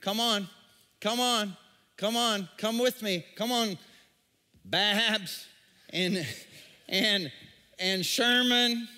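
A man voicing a shepherd calling out to his flock over and over, loud and coaxing, in a hall with long reverb. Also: sits high, extremely slow, pauses often, clear, resonant tone, full character voice. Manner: calling out repeatedly.

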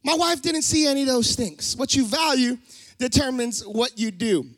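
A middle-aged man delivers a sermon in a church, moving between animated, shouted storytelling and quiet asides. His voice sits very high and sounds bright and forceful. The recording is dry and close. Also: moderate pace, no echo. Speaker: pastor. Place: church sanctuary.

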